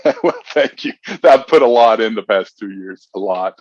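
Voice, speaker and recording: Very deep-voiced man, reflective. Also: expressive, dry recording, muffled recording. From Mississippi. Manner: open and reflective, halting restarts. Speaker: podcast guest. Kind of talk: casual chat.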